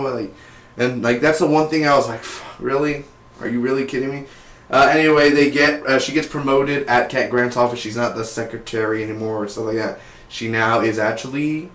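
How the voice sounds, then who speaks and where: A young man recapping a TV episode in casual, excitable, slangy speech with lots of fillers. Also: medium pitch. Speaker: TV show reviewer. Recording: roomy echo.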